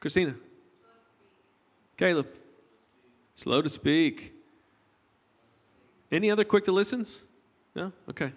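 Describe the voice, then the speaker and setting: A man's voice: high-pitched, takes it slowly, pauses often. A middle-aged man preaching a conversational sermon to his congregation, joking with them as he goes. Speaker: pastor. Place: church hall. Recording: long hall reverb.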